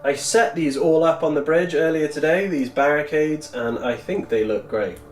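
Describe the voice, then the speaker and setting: A rambling, chatty man with a fairly high voice hosts a relaxed livestream, thinking aloud and answering viewers as he works. His voice carries a roomy echo, with faint music running underneath. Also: normal speed. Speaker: miniature-painting livestreamer. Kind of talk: casual livestream chat. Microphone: Bluetooth microphone.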